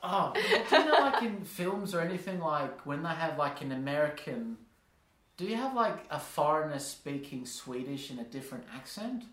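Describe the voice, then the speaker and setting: A man's voice: fairly high pitch, big pitch swings, moderate pace, a bit bright. A man hosting a podcast, chatting casually and rambling with frequent laughs. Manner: rambling, laughs often, playful voices for examples. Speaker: podcast host. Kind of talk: casual chat. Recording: roomy echo.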